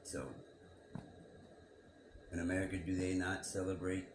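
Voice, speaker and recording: A man's voice: low voice, monotone, measured pace. A man reading a scripture passage aloud and musing over it, asking rhetorical questions and repeating his words. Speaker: scripture commentator. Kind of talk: reflective bible commentary monologue. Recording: echoey room with background noise.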